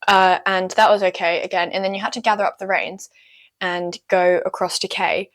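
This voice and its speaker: A woman's voice: mid-range voice, little pitch movement, moderate pace. A young woman casually recounting her first dressage test, chatty and self-deprecating, with many ums and likes. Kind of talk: casual storytelling vlog.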